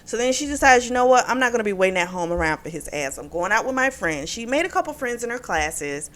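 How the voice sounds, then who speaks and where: A woman's voice: mid-range voice, sing-song, quick pace, a bit bright. A woman casually recapping a romance novel's plot, talking frankly with plenty of profanity and frequent laughs. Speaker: book reviewer. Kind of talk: casual spoken book recap.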